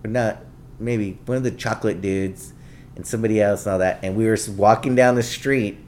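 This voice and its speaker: A man guest on a podcast, telling laid-back, animated anecdotes in a casual conversation. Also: lowish voice, a little fast, slight background noise. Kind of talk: casual storytelling.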